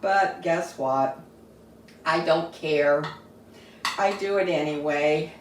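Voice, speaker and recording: A homey woman cooks and chats at a slow, easy pace, with a slightly low voice. She sounds a little away from the mic in an echoey home kitchen, with faint clatter of dishes and pans behind her. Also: far from the mic, a little hiss or hum. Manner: homey, chatty, tastes food while talking. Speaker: home cook showing a family recipe. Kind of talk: casual cooking video chat.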